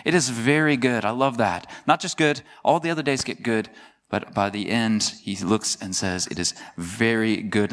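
A man preaching a sermon in a conversational way, mixing joking asides with slow, emphatic key phrases. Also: medium pitch, fairly bright tone. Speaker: pastor.

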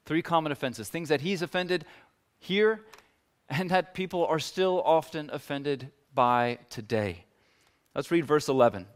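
A man preaching a sermon in a relaxed, conversational way, acting out the words of biblical figures as he goes. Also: a little high, a little slow. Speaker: pastor.

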